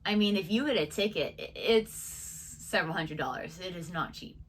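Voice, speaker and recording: A woman's voice: on the low side, normal speed, slight background noise. Woman chiming in casually. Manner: chiming in with short agreeing remarks. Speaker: reaction channel co-host. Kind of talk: casual chat.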